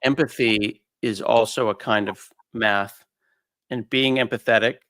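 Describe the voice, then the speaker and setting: A man in a casual interview, talking in an animated way and slipping into quick put-on voices for quoted people. His voice sits at a middle pitch. The sound is close and dry, with no room around it. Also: no room sound. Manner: animated explainer who acts out quoted voices. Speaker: guest. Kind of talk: conversational interview.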